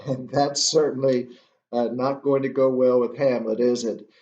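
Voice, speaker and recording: A man teaching a literature lesson, explaining slowly and deliberately with frequent filler sounds, in a roomy, muffled recording. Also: medium pitch, flat delivery, a little mellow. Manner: slow, deliberate explaining with many uhs. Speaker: literature instructor.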